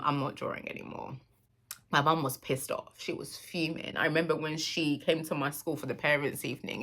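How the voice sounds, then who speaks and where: A woman's voice: deep voice, pushed and bright. A woman in her thirties, telling a personal story in a candid, emotional monologue for her vlog. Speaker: vlogger.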